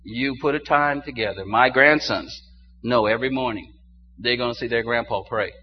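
Older male pastor, sermon delivery, quiet asides building to fervent exclamations; lo-fi church recording. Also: medium pitch, normal speed. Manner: preaching to a congregation, swings from quiet to rising exclamations. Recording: dull muffled sound with faint hum.

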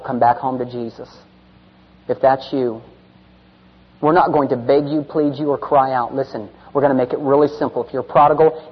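A man preaching a sermon, swinging from loud, urgent delivery to hushed, near-whispered storytelling, then calling listeners forward. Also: medium pitch, husky. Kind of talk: sermon with altar call. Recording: dull reverberant hall sound.

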